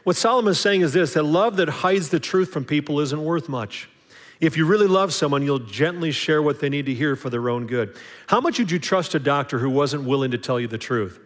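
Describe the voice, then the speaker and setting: A man's voice: fairly high pitch, lively intonation, brisk, long reverb tail. A man preaching a sermon in a conversational way, acting out little dialogues and often restarting his sentences. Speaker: pastor.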